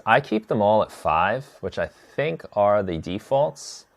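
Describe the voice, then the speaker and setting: A man teaching a live tutorial on drum sequencing, chatty and relaxed, answering viewer questions as he demonstrates. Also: fairly low pitch, measured pace, hardly any pauses, dry recording, clean studio sound. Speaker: music production instructor.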